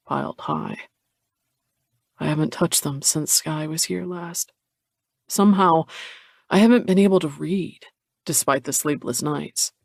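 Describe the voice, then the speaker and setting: A man reading a romance audiobook in the first person, measured and introspective. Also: a little high, gravelly, dry recording, studio quality. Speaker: audiobook narrator. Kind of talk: first-person scripted narration.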